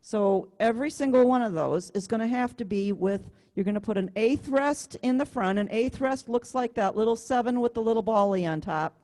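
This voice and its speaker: Brief: woman music teacher, mellow warm tone, patient and explanatory, on a video-call mic. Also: a little high, moderate pace, few pauses. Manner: patient, explanatory, counts beats aloud. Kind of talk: online class instruction. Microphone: computer mic on a video call.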